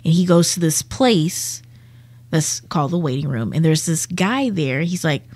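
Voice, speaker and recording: A young woman with a slightly low voice tells a wild story, swearing freely and keeping it casual. The sound is dry and close, with no room echo. She comes across as a comedian spinning a tale for a podcast. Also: animated, normal speed, darkish tone. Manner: profane, vivid storyteller. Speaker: comedian guest.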